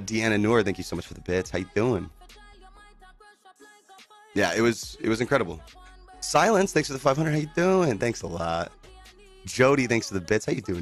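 A man in a casual livestream chat at home, greeting viewers in a laid-back, upbeat way and saying "dude" and "man" a lot. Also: lowish voice. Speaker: livestreamer and band singer. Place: at home indoors.

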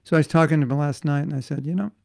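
Gravelly-voiced man giving a casual devotional class. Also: fairly high pitch, flat delivery, racing, darkish tone. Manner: casual, joking, conversational. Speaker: spiritual teacher.

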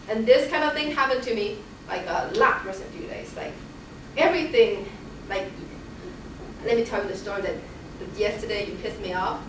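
Woman, high-ish voice, lively storytelling, distant mic, very echoey noisy room. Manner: animated storytelling, acting out quoted voices. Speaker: Bible study member sharing a testimony. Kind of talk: casual personal testimony.

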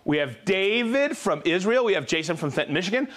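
A man's voice: sits high, expressive, fairly quick, fairly bright tone. A man hosting a live stream, cheerfully reading out viewers' names and hometowns, joking and stumbling over hard names. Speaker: host of a live tool stream. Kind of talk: reading out viewer shout-outs.

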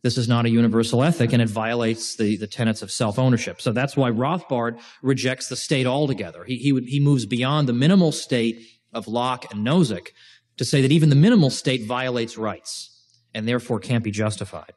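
Guy lecturing a class, mid-pitched, talks chatty with lots of restarts and little jokes. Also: brisk. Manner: chatty and animated, with restarts and joking asides.

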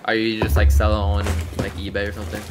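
A young man co-streaming a shooter game, chatting casually in slang and shouting quick callouts during fights. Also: lowish voice, very noisy. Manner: excitable, slangy, loud callouts. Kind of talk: casual gaming chat.

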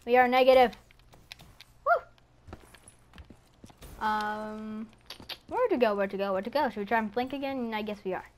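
A gaming YouTuber giving live commentary over a match, chatty and excitable, talking to enemies on screen and screaming when startled. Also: medium pitch, a little fast, a little hiss or hum.

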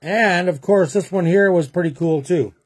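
A man's voice: high-pitched, normal speed, slightly rough. A man hosting a sports card break, chatting folksily to viewers as he rolls dice and calls out teams. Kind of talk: casual live card break commentary.

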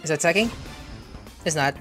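A man giving excitable let's-play commentary, exclaiming and muttering reactions as he plays. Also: on the high side, a little fast, music in the background. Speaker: gameplay streamer.

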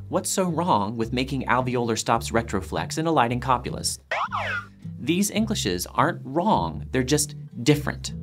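A man presenting a documentary, narrating a script in a lively, lightly playful way. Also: medium pitch.

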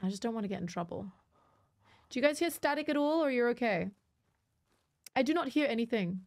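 A woman live-streaming a co-op survival game, chatting with viewers and teammates and reacting loudly when startled. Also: a little high, lively intonation, fairly quick. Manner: chatty, talks to viewers, jumpy loud reactions. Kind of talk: live co-op gameplay chat.

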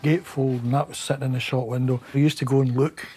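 A man's voice: medium pitch, level tone, quick pace, darkish tone, soft background music. A man, reminiscing casually in an interview, chatty and quoting others.

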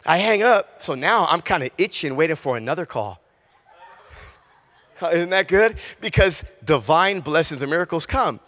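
A male pastor preaching a sermon, telling a personal story in an animated way, acting out conversations and repeating key phrases. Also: on the high side, normal speed, in a large hall. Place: church sanctuary.

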